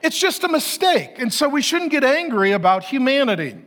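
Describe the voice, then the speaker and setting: High-voiced, emphatic middle-aged male preacher. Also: big pitch swings, normal speed, fairly bright tone. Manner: emphatic preaching with repetition and rhetorical questions. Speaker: pastor. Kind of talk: sermon.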